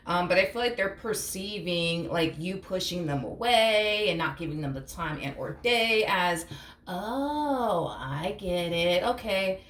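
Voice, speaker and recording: A woman's voice: lowish voice, expressive, normal speed, hardly any pauses, fairly bright tone. A woman giving a casual, blunt tarot reading, swearing freely and acting out imagined reactions. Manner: acts out imagined reactions in quotes. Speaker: tarot reader. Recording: echoey room with faint hum.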